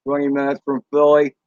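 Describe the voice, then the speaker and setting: A man with a Southern US accent chatting casually on a live stream, rambling and folksy with drawn-out fillers and mild swearing. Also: mid-range voice, a little mellow, no echo, highs cut off. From Southern United States. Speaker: drone channel host reading live chat.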